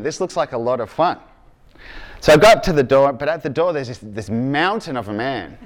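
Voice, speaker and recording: A man's voice: medium pitch, lively intonation, fairly quick. A man with an Australian accent, raised in Argentina, preaching a sermon in a casual, storytelling way that keeps checking in with the congregation. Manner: conversational, checks in with "okay?" and "right?".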